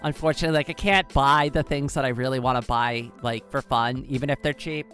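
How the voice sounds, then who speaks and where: A woman chatting casually on a live stream, excitable and giggly, saying "like" a lot. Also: very deep voice, a little fast, soft background music.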